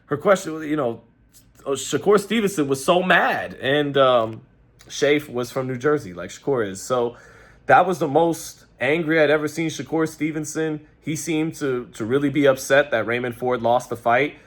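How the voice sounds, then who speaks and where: A New man reacts to a boxing match in a loose, conversational way. He rambles, corrects himself mid-sentence and leans on fillers. His voice sits at a medium pitch. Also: normal speed. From New York. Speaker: boxing commentator. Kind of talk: casual fight-reaction commentary.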